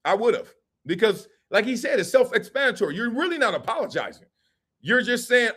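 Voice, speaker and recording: A man hosting a live-streamed sports and culture talk show, reacting to a clip in an animated, slangy way and laughing often. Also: extremely high pitch, brisk, husky. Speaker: host.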